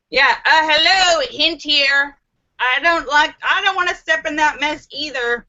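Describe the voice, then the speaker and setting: A woman hosting a casual live stream from a room at home, animated and giggly as she reads viewer comments. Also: high-pitched, takes it slowly. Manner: chatty and animated, giggles often. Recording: slightly muffled lo-fi.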